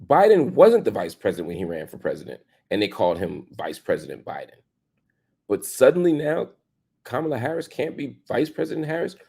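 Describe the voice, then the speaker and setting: A man in his forties hosting a show, delivering an emphatic opinion monologue full of rhetorical questions, swinging between loud and soft. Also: mid-range voice, huge pitch swings, brisk, gravelly, slightly rough. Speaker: show host.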